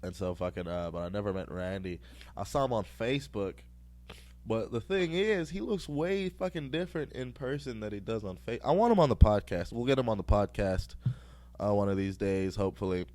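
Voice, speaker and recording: A young man rambles through a story on his podcast, swearing freely and chuckling at himself. His voice sits a little low. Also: animated, fairly quick, a little mellow. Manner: profane, rambling, laughs at his own stories. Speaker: podcast host.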